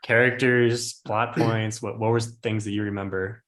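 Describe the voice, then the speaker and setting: A man's voice: lowish voice, flat delivery, normal speed, a bit bright. A man hosting a podcast in casual chat, easygoing, steering the talk with questions. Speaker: podcast host. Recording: roomy echo.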